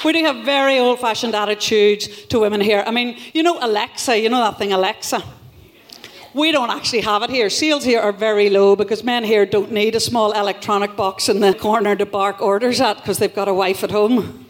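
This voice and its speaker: A middle-aged Northern Irish woman performing a wry, punchy stand-up set at a live venue, with loud bursts. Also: mid-range voice, brisk, a faint crowd. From Northern Ireland. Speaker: stand-up comedian. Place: live comedy venue with audience.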